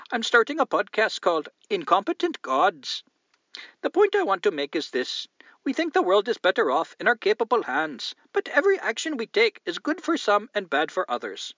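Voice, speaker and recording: A man's voice: high voice, wildly swooping pitch, moderate pace, sharp tone, dry recording, muffled recording, pitched above the performer's own voice, full character voice. A man putting on an exaggerated Indian accent to voice a male listener reading out his own letter, in a sing-song way. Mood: earnest. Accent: Indian, put on.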